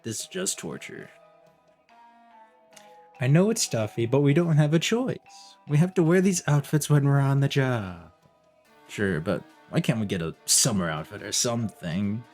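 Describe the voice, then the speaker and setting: Guy reading as a whiny young woman in a stuffy uniform, kinda nasal, mid pitch. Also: animated, a little slow, a little mellow, faint music behind.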